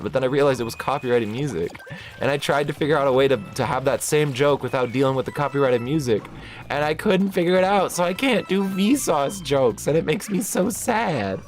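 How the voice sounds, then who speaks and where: A young man casually commenting while streaming a game, jokey and excitable, breaking into shrieks and laughs. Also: medium pitch. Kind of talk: casual gaming livestream commentary.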